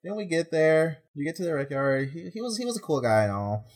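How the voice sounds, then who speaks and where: A young man, a prison officer, telling a rambling, exasperated story in casual chat with deadpan asides. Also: a little high, a little fast.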